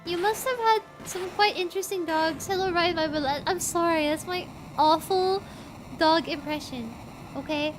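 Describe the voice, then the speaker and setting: A woman's voice: very high-pitched, normal speed. A woman streaming a game and chatting casually with her viewers, reacting to the game and to chat as she plays. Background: faint game music.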